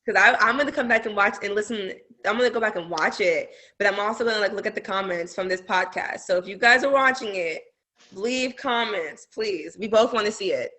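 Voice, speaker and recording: A young adult woman, a guest wrestler, telling animated stories in a casual podcast chat with many fillers. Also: medium pitch, brisk. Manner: animated storytelling, lots of fillers.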